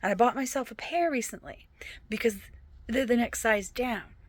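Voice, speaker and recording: A woman's voice: a little high, moderate pace, no room sound. A woman vlogger chatting casually about books and telling a funny story from work, often sliding into a whisper. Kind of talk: casual chat.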